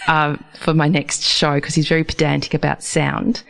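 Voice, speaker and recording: A woman hosting a radio chat in a studio, chatty and quick to laugh. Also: deep voice, level tone, vocal fry. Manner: chatty, laughs easily, agreeable. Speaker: radio host. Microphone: studio microphone.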